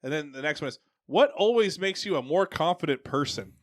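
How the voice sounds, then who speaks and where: A man's voice: a little high, lively intonation, a little fast. A man co-hosting a casual podcast, joking, laughing often and quizzing his guests. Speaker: podcast co-host. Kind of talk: casual chat. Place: home garage.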